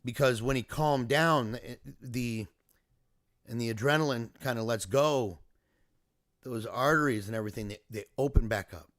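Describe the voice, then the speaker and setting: Man in a video diary, reflective and earnest, medium pitch, dry and close. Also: moderate pace, a bit bright, dry recording. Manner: earnest, emotional, reflective storytelling. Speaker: father recounting a family emergency. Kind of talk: personal video diary monologue.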